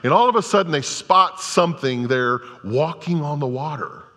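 A man's voice: on the high side, expressive, moderate pace, fairly bright tone. A male pastor preaching a sermon to a congregation, telling scripture stories in a conversational, storytelling way. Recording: long reverb of a large hall.

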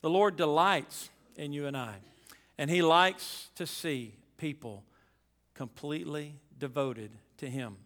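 High bright-voiced preacher man. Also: a little slow, in a large hall. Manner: emphatic, repeats key phrases, folksy asides. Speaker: pastor. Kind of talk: sermon.

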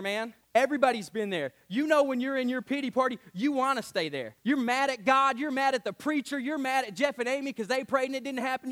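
Pastor guy preaching all fired up and emotional, real high voice. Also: fairly bright tone. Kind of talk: sermon.

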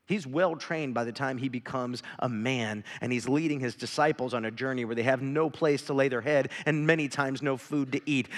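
A man preaching a sermon as a pastor, swinging from shouting to hushed whispers. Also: medium pitch. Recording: reverberant hall.

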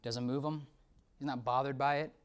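A preacher giving a sermon in a lively, conversational way, dropping to hushed tones and then bursting out excitedly while acting out quoted voices. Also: medium pitch, moderate pace, clean tone.

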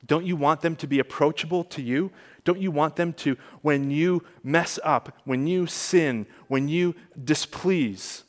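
A man preaching a sermon, earnest and conversational, rising to emphatic peaks and dropping soft. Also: fairly high pitch, a little slow, big-room sound. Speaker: pastor.

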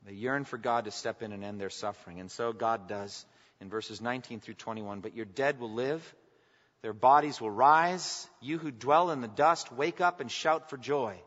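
Heard through dull audio and a long hall reverb, this preacher has a mid-range, slightly bright voice and speaks at normal speed. He delivers an impassioned sermon, building to emphatic heights during scripture readings.

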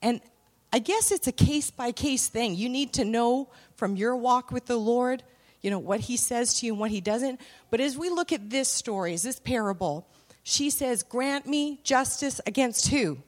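A woman's voice: a little high, moderate pace. A woman preaching a sermon in a conversational way, mixing scripture with family anecdotes and rising to emphatic peaks.

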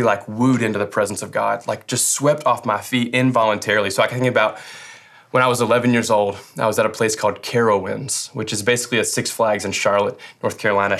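A man's voice: on the low side, fairly bright tone. A young man preaching a sermon in a casual, joking way, often restarting his phrases. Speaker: pastor.

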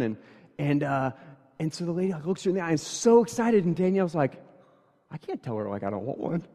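A man in his thirties preaches in a church hall, his voice pitched high for a man. He talks in a loose, conversational way, full of quick asides. The long reverb of the hall hangs behind every phrase. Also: a little mellow. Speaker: pastor. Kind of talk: sermon.

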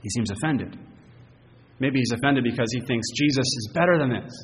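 An earnest male pastor preaches, leaning hard on key words and stumbling through fillers and restarts. His mid-pitched voice carries a long reverb from the church sanctuary, with a faint hiss underneath. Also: brisk. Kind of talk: expository sermon.

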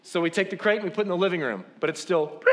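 Animated man telling a sermon story. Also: high voice. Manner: animated, self-deprecating, acts out quotes.

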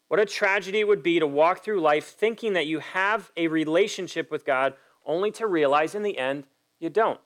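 A man's voice: on the high side, moderate pace, a bit bright. A man preaching a sermon as pastor, emphatic and direct, putting pointed questions to his listeners. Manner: acts out quoted voices in a story.

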